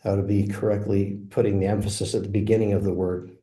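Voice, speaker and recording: A man walking through a software demo, explaining each feature in a relaxed, explanatory way. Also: lowish voice, fast talker. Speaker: software presenter. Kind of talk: product demo walkthrough. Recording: roomy echo.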